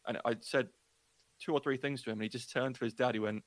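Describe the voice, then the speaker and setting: An animated man with a Luton English accent tells stories in relaxed conversation. He slips into other people's voices as he talks. The sound is dry and close. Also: medium pitch, fast, no echo. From England. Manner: chatty, animated storytelling with quoted voices. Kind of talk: casual chat.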